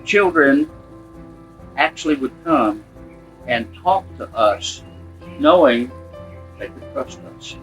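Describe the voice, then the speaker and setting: Speaking slowly with long pauses, a former detective and author promotes his books and describes his work to an audience, animatedly performing the voices of people he quotes. His pitch is medium, faint music plays behind him, and the audio is poor.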